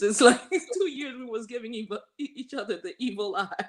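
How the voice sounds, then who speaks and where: A woman's voice: a little high, lively intonation, moderate pace. A woman in casual chat, telling a workplace story, laughing often and acting out what others said. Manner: laughs often, acts out quoted voices.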